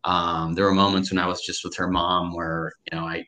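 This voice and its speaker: A man with a very low, forceful voice talks as an interview guest, musing at length. He rambles thoughtfully and leans on fillers. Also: level tone, a little fast. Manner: rambling, reflective, many fillers. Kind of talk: casual interview chat.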